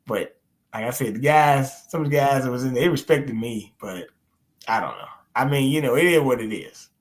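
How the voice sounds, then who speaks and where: A man's voice: medium pitch, normal speed. Middle aged guy chatting easy, drawly storyteller, laughs a lot. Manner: laid-back, storytelling, laughs often, drawls. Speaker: host. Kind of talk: casual chat.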